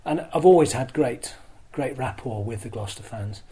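An older man, a former broadcaster being interviewed, telling self-deprecating stories in a chatty, lively way. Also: medium pitch, moderate pace, low-quality recording. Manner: lively storyteller who acts out crowd shouts. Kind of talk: anecdotal interview storytelling.

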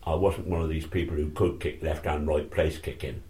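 A man's voice: very deep voice, flat delivery, a little fast, warm tone. An older man telling old stories in a rambling, self-correcting way during an interview. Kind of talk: reminiscing oral history.

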